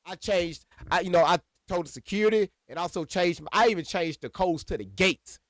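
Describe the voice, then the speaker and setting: A man casually telling a personal story to viewers, animated and profane, calling them y'all. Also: high-pitched, a little fast, no echo, clean studio sound. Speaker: storyteller recounting a personal incident.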